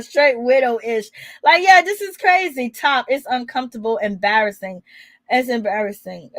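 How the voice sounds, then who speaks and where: Sassy high-voiced woman gossiping. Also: normal speed, no echo. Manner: laughs often, sassy and teasing. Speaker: gossip channel host. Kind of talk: casual gossip commentary.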